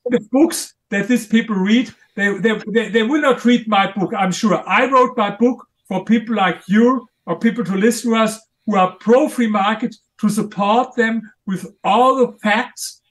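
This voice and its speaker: A man's voice: sits high, normal speed, few pauses. A man speaking as an author and interview guest, arguing his case in a blunt, assertive, insistent way. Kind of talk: argumentative interview talk.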